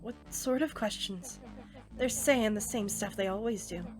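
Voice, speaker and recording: A woman's voice: medium pitch, measured pace, over music, lightly acted. Woman playing a bitter cursed young monster. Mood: grumbling. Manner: sullen, resentful.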